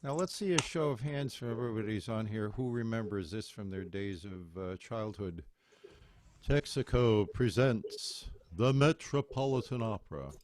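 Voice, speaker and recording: A man's voice: lowish voice, moderate pace, few pauses, no echo. A man, a cantor, chatting jokily and rambling before leading a virtual chapel service over a computer microphone. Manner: jokey, rambling, self-mocking. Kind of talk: casual chat, then leading a service. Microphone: computer microphone on a video call.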